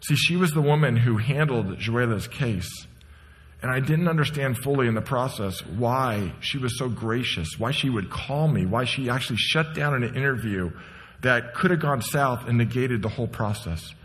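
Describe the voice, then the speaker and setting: A middle-aged man preaching a sermon, telling a story with passion and dropping to a hush for quiet moments. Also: medium pitch, animated, normal speed. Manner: storytelling, impassioned, shifts between hushed and raised. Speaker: pastor. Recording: long hall reverb.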